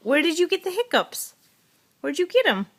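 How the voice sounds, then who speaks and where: A woman's voice: very high-pitched, very animated, normal speed. A young adult woman, a mother at home, coaxing her toddler with simple questions she repeats over and over. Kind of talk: home video chat with a toddler.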